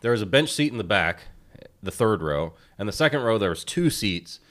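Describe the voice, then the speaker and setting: Brief: low-pitched male podcast co-host, relaxed banter, quick to laugh. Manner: laughs often, loose and joking. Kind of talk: casual recap chat.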